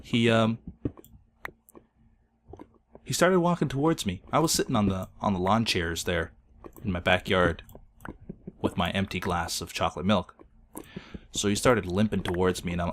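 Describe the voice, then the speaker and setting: A man hosting a gaming video, telling an absurd made-up story in a deadpan, mock-solemn way that breaks into laughter. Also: lowish voice, normal speed, long pauses, a little hiss or hum. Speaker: Let's Play host. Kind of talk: absurd tall-tale storytelling while gaming.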